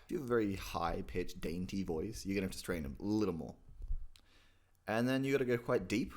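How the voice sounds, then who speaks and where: A man's voice: deep voice, lively intonation, normal speed, darkish tone. A man hosting a casual comedic impressions tutorial, rambling, self-mocking and swearing freely. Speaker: channel host teaching impressions.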